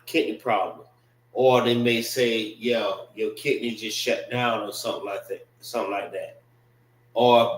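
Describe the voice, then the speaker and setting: A man teaching an informal language class, slow and repetitive, casual in his talk. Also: mid-range voice, recorded from a distance. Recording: roomy, from off-mic.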